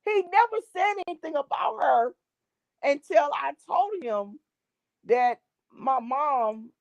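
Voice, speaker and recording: A woman, a guest gospel artist, telling a long story in an animated way and acting out the voices in it. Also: sits high, takes it slowly, gravelly, no room sound, lo-fi sound. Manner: lively, acts out voices in her stories.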